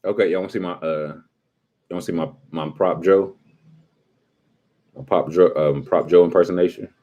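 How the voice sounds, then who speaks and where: A man casually chatting with his livestream viewers, joking around and breaking into quick impressions. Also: low-pitched, fairly even intonation, mellow, dull audio.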